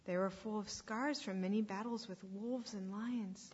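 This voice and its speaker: Woman, children's storyteller, expressive, hushed whispers, breathy voice, echoey hall, dull lo-fi sound. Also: mid-range voice, measured pace.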